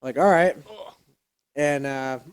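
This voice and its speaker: A man's voice: medium pitch, takes it slowly, smooth. A man co-hosting a podcast, telling a rambling story in casual chat, full of fillers, laughs and swearing. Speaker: podcast co-host.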